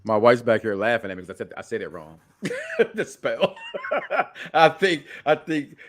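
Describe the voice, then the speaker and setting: Animated, self-mocking man guest. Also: medium pitch, normal speed. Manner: self-mocking, laughs at himself. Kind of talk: casual video-call chat.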